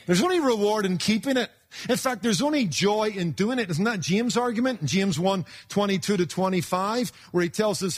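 Give me a male preacher in a sermon, a bit high-pitched, emphatic and conversational. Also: lively intonation, moderate pace. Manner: emphatic, swings between loud and hushed; folksy, conversational asides.

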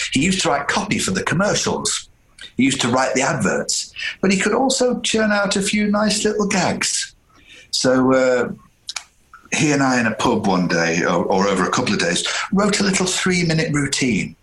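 A man's voice: medium pitch, very animated, moderate pace, fairly bright tone, roomy sound, poor audio. A man in his fifties from northern England, a voice impressionist telling stories in a casual interview. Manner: chatty, anecdotal, hesitant restarts. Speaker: impressionist guest.

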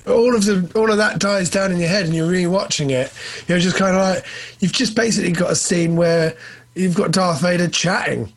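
A man's voice: high voice, over a noisy crowd. A man in a casual film discussion, rambling and enthusiastic, full of "kind of, like" fillers. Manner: enthusiastic, quick shifts into excited asides.

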